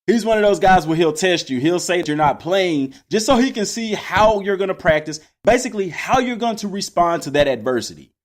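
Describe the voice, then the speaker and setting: A man's voice: high voice, a little fast, hardly any pauses. A young man from Texas, telling a personal story casually to his listeners. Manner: animated, addresses listeners as y'all. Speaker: podcast host.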